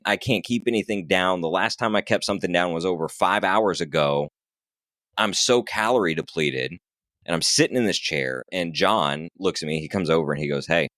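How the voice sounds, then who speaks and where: A man's voice: low voice, a bit bright, dry recording, clean studio sound. A man, a podcast guest and ultrarunner, telling a story casually, acting out quoted dialogue and swearing now and then.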